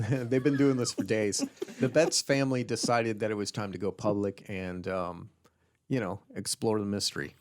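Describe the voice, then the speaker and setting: A man's voice: lowish voice, fairly even intonation, moderate pace. A man co-hosting a comedy podcast, casually telling a strange story and reading quotes from his notes while laughing along with friends.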